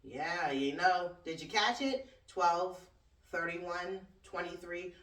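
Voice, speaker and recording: Sassy, profane woman with a bright voice. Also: lowish voice, slow pace. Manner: blunt, profane, sassy, laughs often. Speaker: podcast host and cleaning business owner. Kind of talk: casual solo talk-show rant. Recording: roomy echo, distant from the mic.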